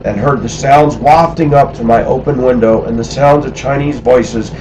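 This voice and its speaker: In casual spoken storytelling about his life abroad, a middle-aged man talks at a normal speed in a medium-pitched voice. There's a noisy background, and he livens things up by acting out the voices of people he quotes.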